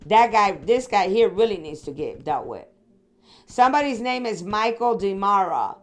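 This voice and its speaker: A psychic reader from the Chicago area, USA, gives a casual spiritual reading in a loose, rambling monologue. Her middle-pitched voice has lively intonation at a normal speed. She speaks straight to listeners, checking in with "okay?" and "sweetheart."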